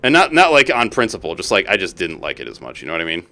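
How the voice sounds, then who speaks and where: A man streaming a game, chatting casually with viewers and talking to the creatures on screen, swearing and excitable. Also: deep voice, fast. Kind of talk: casual gameplay commentary.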